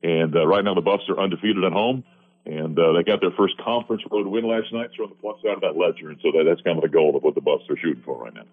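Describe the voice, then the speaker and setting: A man's voice: low voice, fast talker, slightly rough. A man broadcaster interviewed on sports radio, talking at length with many fillers. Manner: long-winded, rambling, with many fillers. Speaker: guest play-by-play broadcaster. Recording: phone line.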